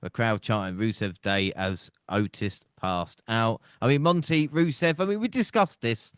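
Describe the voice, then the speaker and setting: A man hosting a podcast, recapping events in plain, steady run-downs and passing the talk to his co-hosts. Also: mid-range voice, normal speed, clear, resonant tone, no echo, studio quality. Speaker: podcast host. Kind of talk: casual recap and discussion.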